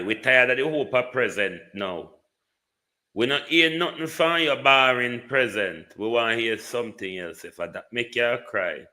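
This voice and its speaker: Jamaican guy doing a live political broadcast, slow talker, bright voice, keeps going "hmm?". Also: fairly low pitch. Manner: taunting, rhetorical, asks "hmm?" often. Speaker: political commentator.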